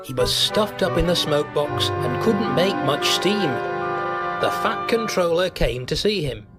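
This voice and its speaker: Brief: male narrator, slightly high voice, storybook reading over loud music. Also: animated, measured pace.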